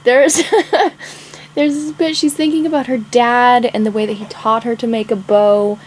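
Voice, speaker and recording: Excitable young woman gushing over her writing. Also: on the high side, moderate pace, a little hiss or hum, rough recording. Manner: gushing, excitable, laughs often. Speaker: author vlogger. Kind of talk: casual vlog chat, reading her draft aloud.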